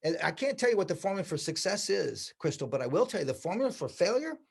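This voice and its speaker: A man in his sixties, a hairdressing educator, telling stories in a casual interview and acting out the quoted dialogue with lively energy. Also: high voice, fast talker, creaky, breathy edge. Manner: animated, acts out quoted dialogue.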